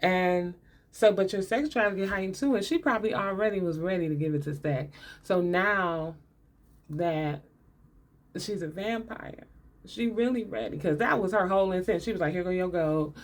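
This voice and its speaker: A woman's voice: medium pitch, moderate pace. A woman giving a casual, sarcastic movie breakdown, laughing often and talking in loose, colloquial speech. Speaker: movie commentator.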